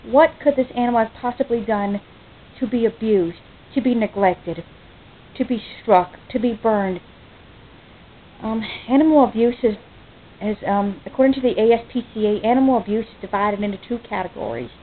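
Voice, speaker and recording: Earnest woman on a tinny lo-fi recording. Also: on the high side. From United States. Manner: earnest, halting, many restarts and ums. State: choked up, near tears. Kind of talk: impromptu personal vlog. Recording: tinny phone-like, faint hiss.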